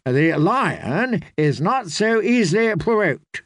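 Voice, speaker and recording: A man's voice: sits high, big pitch swings, slow, no echo, studio quality, pitched above the performer's own voice, exaggerated voice. A man voicing a sardonic, arrogant knight. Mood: scornful.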